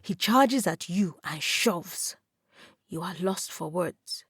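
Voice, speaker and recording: A woman narrating a story in the second person, measured and calm. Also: fairly low pitch, slightly rough, no room sound, studio quality.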